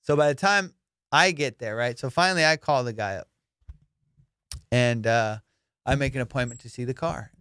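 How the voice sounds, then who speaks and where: A man's voice: mid-range voice, moderate pace, pauses often, clean tone, dry recording, clean studio sound. A young adult man hosting a podcast, telling comedic stories in a casual, profane way and acting out both sides of conversations. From immigrant, raised abroad. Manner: profane, animated, acts out both sides of dialogues. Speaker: podcast host.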